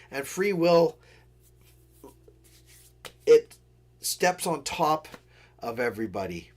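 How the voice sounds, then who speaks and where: A man hosting a live stream, telling a story in a casual, earnest way with digressions and apologetic asides. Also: medium pitch. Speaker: livestream host.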